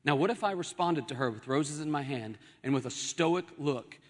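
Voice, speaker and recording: A young man delivers a sermon from the pulpit. His voice sits a little high and climbs on the words he stresses, with deliberate pauses between points. The sound carries a long church-hall reverb. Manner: preaching with emphatic rises and dramatic pauses. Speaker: pastor. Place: church sanctuary.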